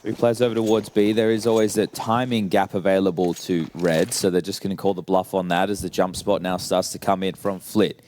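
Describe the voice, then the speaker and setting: A man's voice: low-pitched, steady tone, a little fast, hardly any pauses, a little mellow. A man giving analytical color commentary on an esports match. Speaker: esports caster.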